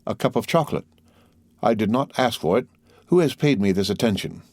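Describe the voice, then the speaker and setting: A man's voice: on the low side, lively intonation, a little fast, a little mellow, no echo, clean studio sound. A man voicing a stern, cold middle-aged magistrate who speaks curtly and imperiously. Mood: suspicious. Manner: curt, imperious.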